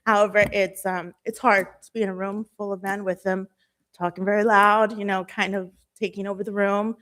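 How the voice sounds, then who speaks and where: A young woman with a Southern Californian accent giving a nervous, emotional public comment at a city meeting, halting and full of fillers. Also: medium pitch, level tone, a bit bright.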